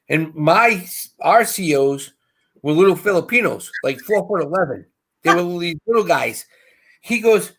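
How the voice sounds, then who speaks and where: A middle-aged man casually telling a long story, animated and acting out the voices of the people in it. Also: high voice, measured pace. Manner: animated, acts out quoted voices. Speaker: co-host.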